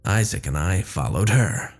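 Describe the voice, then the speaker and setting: A man narrates a first-person horror story in a slow, deliberate tone. His voice is low and husky, with a lively rise and fall, and soft music plays faintly behind him. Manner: measured, descriptive storytelling.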